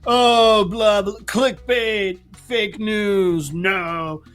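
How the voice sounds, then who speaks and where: A man's voice: sits high, big pitch swings, a little slow, fairly bright tone, faint music behind, full character voice. A man voicing a dismissive, condescending male president brushing off questions.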